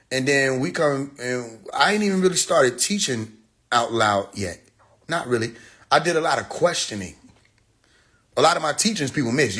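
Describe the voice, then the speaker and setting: A man's voice: mid-range voice, husky. A young man, talking casually on a phone livestream and animatedly acting out the people in his stories. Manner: animated storytelling, acts out quoted people, laughs. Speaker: live stream host.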